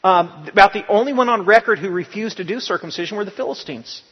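A pastor with a high, somewhat husky voice preaches with emphatic force. His words ring out in a big reverberant church, captured on a dull, lo-fi recording. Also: fast talker. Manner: emphatic, rising to loud bursts, quoting people in character. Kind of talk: sermon.

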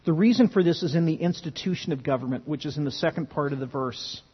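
A pastor with a highish, slightly rough male voice preaches fast, earnestly and with emphasis, often restarting what he's saying. The sound is dull and lo-fi, carrying a long hall reverb.

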